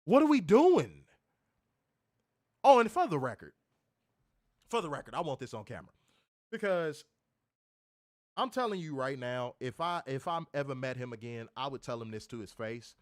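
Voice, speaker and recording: A man's voice: mid-range voice, sing-song, moderate pace, pauses often, no room sound, clean studio sound. A man co-hosting a wrestling review show, ranting in casual, profane talk and repeating words as he gets heated. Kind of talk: casual podcast rant.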